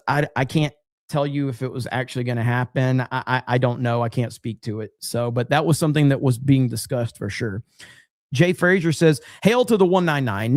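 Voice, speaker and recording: A man hosting a casual livestream, reading viewer super chats aloud and thanking people by name with quick, upbeat asides. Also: medium pitch, a little mellow, no echo, studio quality.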